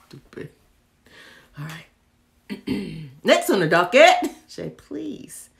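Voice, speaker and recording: Lively, playful woman vlogger. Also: mid-range voice, slow pace, creaky, long pauses. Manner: playful, talks to herself, often drops to whispers. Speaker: vlogger reviewing candles. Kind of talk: casual haul video chat.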